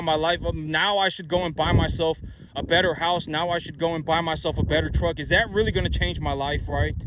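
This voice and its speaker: Blunt man ranting with noisy background. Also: on the high side. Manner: blunt, repetitive, peppers speech with "right?" and "you know". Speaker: farmer and investment vlogger. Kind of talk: blunt opinion monologue.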